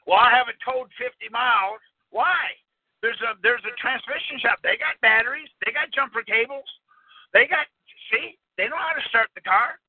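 High-voiced folksy man on a phone line. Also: husky, dry recording. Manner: folksy, rambling, asks the audience questions. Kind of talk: folksy lecture to a small audience. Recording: tinny phone-line recording, dry.

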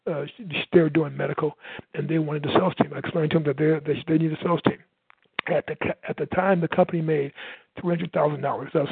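A man from the United States gives an energetic motivational talk as a sales coach, loud and fast. His voice sits on the higher side and has a gravelly, husky edge. It comes through a dry, tinny, phone-like line. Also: no room sound. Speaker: sales coach and podcast host.

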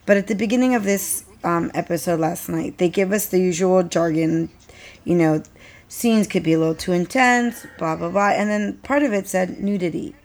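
A woman on a casual podcast, her voice sitting a little low for a woman. She chats easily and turns to the others with questions. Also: moderate pace, a little mellow. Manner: chatty, asks the group questions. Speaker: podcast co-host.

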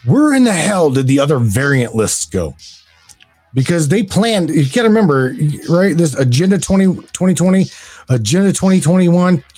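A man's voice: fairly high pitch, sing-song, normal speed, a little mellow, soft background music. A man hosting a call-in show, talking in a fired-up, profane way and tripping over repeated words. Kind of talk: casual call-in chat.

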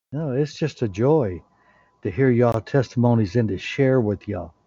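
Man on a group prayer call, slow deliberate delivery, dull lo-fi call audio. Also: mid-range voice, husky, dry recording. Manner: fervent, excitable, earnest. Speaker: call participant. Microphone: online group call.

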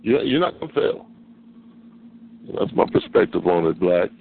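A man's voice: low-pitched, big pitch swings, moderate pace, vocal fry, husky. A man calling in to a radio talk show, talking bluntly in crude slang. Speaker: caller. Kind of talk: call-in comments. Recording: tinny phone line.

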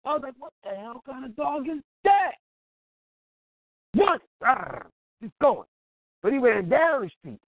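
A man's voice: extremely high pitch, sing-song, a little slow, long pauses, no echo. A man on an internet radio show, telling a story with chuckles and playing the other people's voices, then giving advice. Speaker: small business owner on an internet radio show. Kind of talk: animated anecdote and advice. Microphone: phone. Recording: tinny dry phone line.

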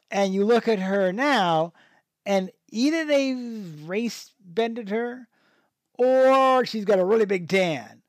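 A man's voice: high voice, dry recording, clean studio sound. A man hosting a podcast, reviewing in a rambling, casual way with lots of fillers, restarts and chuckling asides. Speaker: podcast host.

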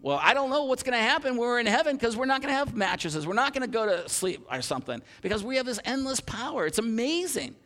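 A man in his fifties preaching a sermon, animated, with frequent restarts and self-deprecating humor. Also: extremely high pitch, fast, hardly any pauses. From Ohio, USA. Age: 50s. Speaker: pastor. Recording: long hall reverb.

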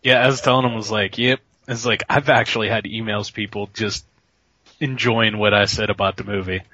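A man's voice: fairly low pitch, fairly even intonation, brisk, bright, forceful tone, no echo, dull audio. A man co-hosting a casual movie commentary podcast, rambling and laughing as he trails off mid-thought. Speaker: podcast co-host.

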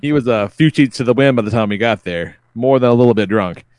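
A man co-hosting a podcast, telling stories in an animated, casual way with some swearing. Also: medium pitch, quick pace, no room sound. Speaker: podcast co-host. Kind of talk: casual chat.

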